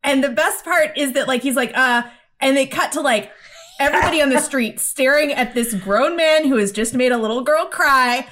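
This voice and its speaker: Casual podcast lady retelling a cartoon ep, kinda high voice, cracking up, headphones at home. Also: brisk. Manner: animated, laughing storyteller. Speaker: podcast co-host. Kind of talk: casual chat, recapping an anime episode. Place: home, room with paper cranes on the wall. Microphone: headphones on a video call.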